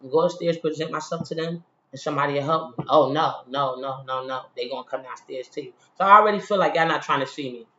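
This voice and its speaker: A man with a higher-pitched voice talks fast, barely pausing, as he retells a frustrating day in a casual, heated monologue full of slang. He's animated and keeps dropping "you feel me" while sharing this personal story. The recording sounds roomy and a little dull.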